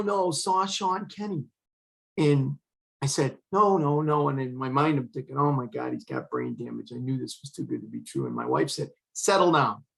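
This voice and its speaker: A man's voice: mid-range voice, creaky, low-quality recording. An older man, a retired fire chief, telling an emotional personal story in an earnest way, acting out the dialogue of the people in it.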